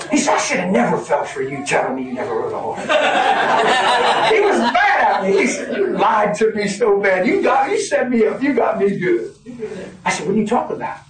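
A man in his fifties preaching a sermon, folksy and animated, laughing as he tells stories. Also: high-pitched. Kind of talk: sermon with storytelling. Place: church hall. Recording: echoey hall from far off, crowd. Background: congregation.

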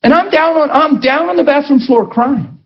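A man preaching and telling a personal story to a school class, animated and laughing, on a dull lo-fi recording. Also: normal speed. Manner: animated, laughing, swings between high and low voice. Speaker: pastor teaching a ministry school.

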